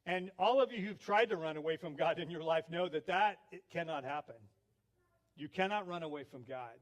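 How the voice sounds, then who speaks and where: A man's voice: a little high, fairly quick. A male pastor giving a sermon, telling stories with acted quotes. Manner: storytelling with laughs, acted quotes.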